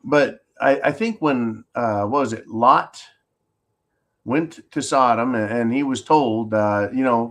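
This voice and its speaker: A man's voice: mid-range voice, takes it slowly, a bit bright. A man from California hosting a political commentary stream, combative and sarcastic as he rants and answers viewer comments. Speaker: channel host reading viewer comments.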